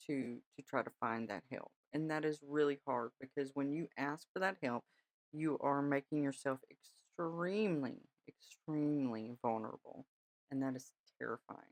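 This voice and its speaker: A woman's voice: rumbling low, no echo. Lady podcasting, chatty and reassuring, keeps checking in, dry close mic. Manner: chatty, reassuring, many "all right?" check-ins. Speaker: podcast host. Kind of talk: casual spiritual talk.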